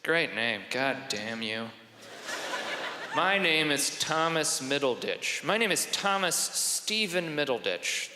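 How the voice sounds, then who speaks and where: A man doing stand-up comedy with crowd work, animated and self-mocking, on stage before an audience. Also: fairly high pitch, a little hiss or hum. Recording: echoey hall, live stage.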